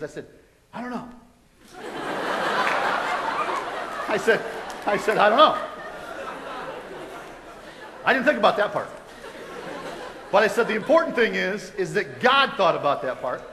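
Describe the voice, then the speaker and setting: A man with an American accent tells his story to a crowd, his voice a little high for a man and full of quoted back-and-forth. He is heard in a big hall with a long, ringing echo. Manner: storytelling with quoted dialogue, animated and conversational. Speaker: guest speaker giving testimony. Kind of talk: testimony told to a live audience. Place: large college hall. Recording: echoey hall with long reverb.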